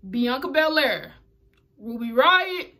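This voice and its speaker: Lady with a high voice doing a casual wrestling recap, slangy and chatty, laughs a lot. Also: big pitch swings, slow, pushed and bright. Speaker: wrestling show reviewer.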